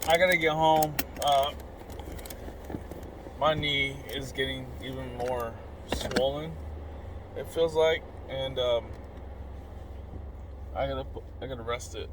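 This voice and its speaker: A man talking in a casual vlog monologue, animated and blunt as he rants, recorded inside a car. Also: medium pitch, slow pace, pauses often, noisy background. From Southern California desert. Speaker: vlogger.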